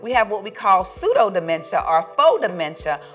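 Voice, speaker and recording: A woman's voice: mid-range voice, big pitch swings, a little fast, a bit bright, faint music behind. A middle-aged woman, a social worker, explaining care services in an interview with emphatic, punchy stress on key words. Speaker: gerontology social worker and dementia educator. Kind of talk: expert explaining in a podcast interview.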